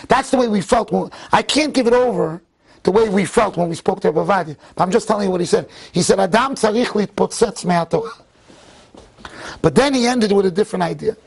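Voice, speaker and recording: At a tribute event in an event hall, a rabbi gives a speech full of stories. His voice is high and husky, his pace brisk, and he is animated, restarting often and mixing in Hebrew and Yiddish phrases.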